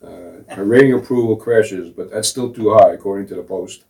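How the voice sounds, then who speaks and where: A man's voice: on the low side, moderate pace, gravelly, darkish tone. A man hosting a talk show, delivering scoffing, sarcastic political banter and laughing at his own jokes. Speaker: show host. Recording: voice distant from the mic.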